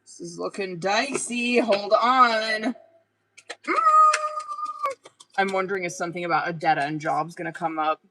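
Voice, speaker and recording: A woman's voice: fairly low pitch, unhurried, pauses often, sharp tone, a little hiss or hum, low-quality recording. Casual swearing woman tarot reader. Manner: casual, swears often, filler-heavy. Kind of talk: live-stream tarot reading.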